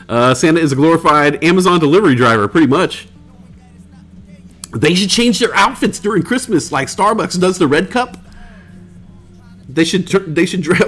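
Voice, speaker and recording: A man's voice: fairly high pitch, animated, moderate pace, long pauses, a bit bright, slightly rough. A man hosting a live stream, chatting casually in a rambling way and swearing freely.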